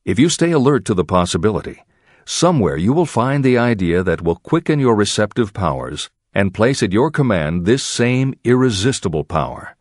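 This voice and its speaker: Low, expressive male audiobook narrator. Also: moderate pace, no echo, clean studio sound.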